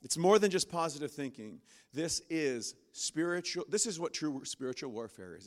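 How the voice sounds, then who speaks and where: A male pastor preaching from a church stage in an animated way. His voice sits a little high for a man, and he jumps into loud, high-pitched bursts when he acts out the voices in people's heads. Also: normal speed, hardly any pauses. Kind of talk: sermon.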